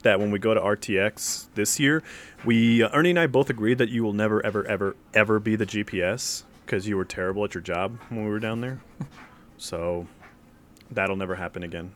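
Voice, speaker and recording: A man co-hosting a casual podcast, telling stories in an animated, defensive way. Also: fairly low pitch, a little fast, slight background noise. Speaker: podcast co-host. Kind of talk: casual chat.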